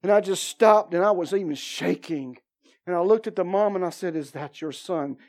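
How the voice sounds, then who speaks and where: A preacher shares a personal testimony in a sermon, telling the story vividly with repeated phrases and acting out each person's lines. His voice is mid-range, darkish in tone, and moves at a normal speed.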